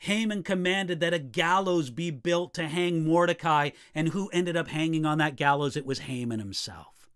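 Man, preacher, sermon, high pitch, rhetorical questions, slow scripture reading. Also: fairly bright tone, clean tone.

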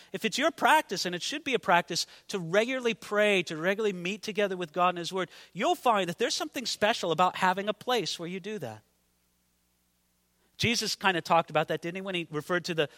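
A man's voice: sits high, bright, forceful tone, in a large hall. A man preaching a sermon with passion, his voice swelling and dropping for emphasis.

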